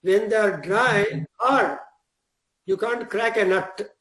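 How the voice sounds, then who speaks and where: An older man lectures a class on sacred verses. His voice sits high for a man and he talks in short, deliberate phrases, lifting into chant for the Sanskrit lines. The recording carries a roomy echo. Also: a bit bright. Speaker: Vedic teacher.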